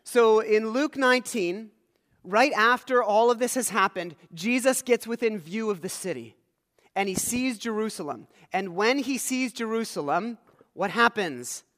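A male pastor preaching a sermon, animated, moving between loud emphasis and soft low asides. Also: measured pace, big-room sound.

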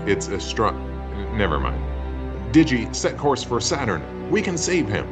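A male podcast host with a lowish voice that rises and dips freely. He delivers comic bits with a dry, correcting edge, then slides into plain interview questions. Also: huge pitch swings, a little slow, music in the background. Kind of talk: comedy skit and interview hosting.

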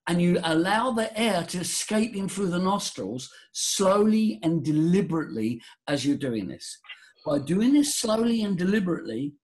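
Animated man coaching voice, lively higher pitch. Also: moderate pace. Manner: animated, theatrical, jumps high for emphasis. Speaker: voice coach guest. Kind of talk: podcast interview, guiding a breathing exercise.

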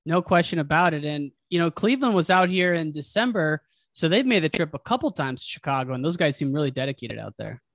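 A fairly high-voiced male host chats with loose, slangy enthusiasm. The recording is dry and close. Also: very animated, fast talker, hardly any pauses, a bit bright, dry recording. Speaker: podcast host. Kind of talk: casual interview chat.

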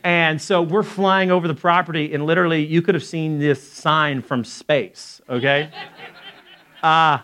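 A middle-aged male pastor telling a personal story in a sermon, then praying, with lively asides. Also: a little high, slight background noise. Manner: lively storytelling with acted quotes and quick asides.

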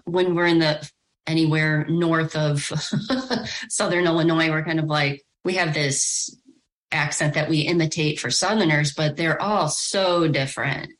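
A middle-aged woman with a faint Chicago accent and a notably low voice. She talks in a warm, chatty way as a podcast guest, often restarting her sentences. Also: fairly even intonation, measured pace. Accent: slight Chicago. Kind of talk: casual conversational interview.

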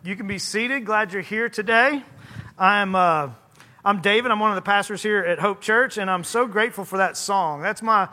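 A man in his thirties, a pastor, preaching a sermon in a church, his voice hoarse from singing and his delivery conversational with self-deprecating humor. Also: high voice, normal speed, sharp tone. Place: church sanctuary.

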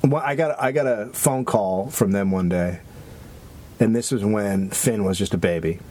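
A man's voice: fairly low pitch, moderate pace, slight background noise. A man co-hosting a comedy podcast, telling a story and acting out the people in it. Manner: animated, acts out quoted people. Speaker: podcast co-host.

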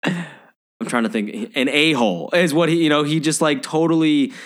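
A man's voice: on the high side, normal speed. Rambling man, casual movie chat. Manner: rambling, full of fillers and restarts. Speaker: podcast co-host.

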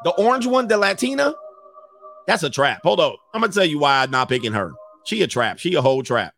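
A man's voice: mid-range voice, big pitch swings, fast talker, gravelly, a bit bright, soft background music. A man hosting, on a loose, profane comic rant, breaking into put-on voices.

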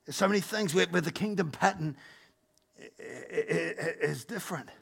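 A male pastor, preaching a lively sermon and joking with his congregation. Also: on the high side, moderate pace, gravelly, slightly rough. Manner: playful, joking asides to the congregation.

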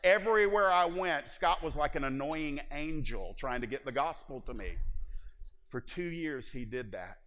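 A middle-aged man preaching a personal testimony in church, moving from hushed confession to loud exhortation. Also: on the high side, animated, normal speed. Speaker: preacher giving his testimony. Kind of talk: sermon testimony. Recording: long hall reverb.

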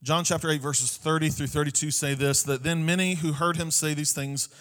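A man's voice: fairly high pitch, fairly even intonation, fairly quick, a bit bright. A male pastor preaching a sermon, repeating key phrases and often checking in with "Amen?" to the congregation.

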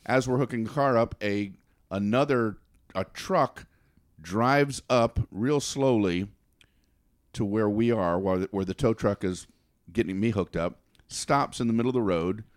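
A man's voice: fairly low pitch, no room sound, studio quality. A man casually telling a funny anecdote, stumbling over words and laughing as he goes. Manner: halting, repeats words, laughs through the story. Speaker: storyteller.

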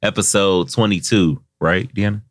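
A man's voice: deep voice, moderate pace, no room sound, studio quality. A man hosting a podcast in casual chat, joking and teasing his guests in a loose, slangy way. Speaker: podcast host.

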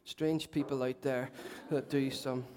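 A man's voice: mid-range voice, level tone, measured pace, a little mellow. A man preaching a sermon to his church, chatty and self-mocking with joking asides. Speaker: pastor. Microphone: handheld mic.

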